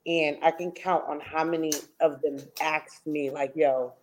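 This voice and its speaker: A woman's voice: low voice, level tone, moderate pace, a little hiss or hum. A young woman co-hosting a podcast, telling stories in a rambling, hesitant way. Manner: rambling, hesitant, heavy with "like" and "um" fillers. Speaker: podcast co-host. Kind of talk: casual chat.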